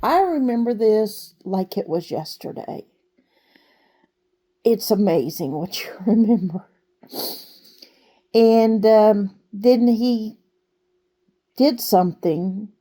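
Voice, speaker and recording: Gravelly woman telling her own story. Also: medium pitch, expressive, dark tone. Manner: unhurried, conversational, with fillers. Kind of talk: personal storytelling.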